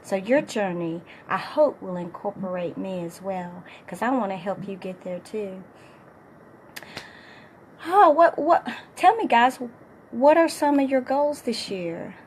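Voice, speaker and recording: A middle-aged woman fitness coach with a hoarse, partly lost voice, giving an upbeat, encouraging motivational talk to her viewers. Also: mid-range voice, expressive, measured pace, darkish tone, slight background noise.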